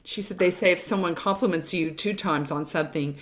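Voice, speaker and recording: A woman's voice: lowish voice, fairly quick. A middle-aged woman from Kentucky, a jazz singer, chatting casually as a guest and telling stories with many restarts. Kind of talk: casual chat.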